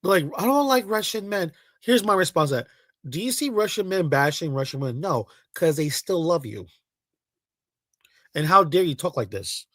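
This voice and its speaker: A man's voice: on the high side, animated, moderate pace, a bit bright, no room sound, studio quality. A man hosting a livestream, ranting heatedly and profanely, talking back to his chat. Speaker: livestream host.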